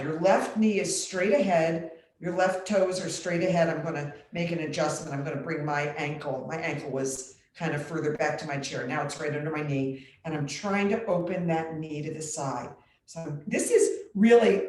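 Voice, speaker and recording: A woman yoga instructor guiding a chair yoga class with calm, step-by-step instructions, clearing her throat now and then. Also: low-pitched. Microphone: computer mic. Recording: very echoey room on a computer mic.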